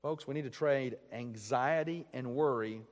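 A man's voice: medium pitch, measured pace, faint music behind. A man preaching a sermon as pastor, earnest and emphatic, repeating his key phrases. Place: church sanctuary. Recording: long church reverb.

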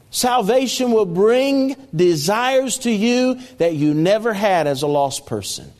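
Guy preaching a sermon, pretty high voice, punches and repeats his lines. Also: expressive, unhurried, few pauses, darkish tone, big-room sound. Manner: emphatic preaching with repeated phrases and scripture reading.

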